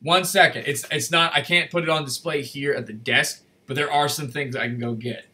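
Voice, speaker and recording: A man hosting a casual livestream from his desk, rambling and correcting himself as he chats, his voice going slightly hoarse. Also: a little high, fairly quick, noisy background. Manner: rambling, chatty, self-correcting. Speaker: livestream host. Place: at a desk in a room.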